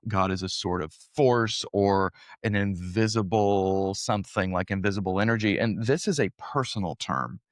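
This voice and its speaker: A man's voice: fairly low pitch, normal speed, hardly any pauses, dry recording, clean studio sound. A young man co-hosting a conversational Bible study podcast, speaking in an earnest, thoughtful way and laughing easily. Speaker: podcast co-host.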